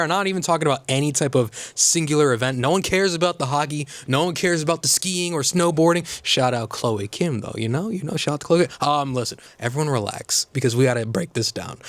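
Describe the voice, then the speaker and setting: A man's voice: a little high, a bit bright, dry recording. A man hosting a casual comedic commentary, sarcastic and full of rambling asides. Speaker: host.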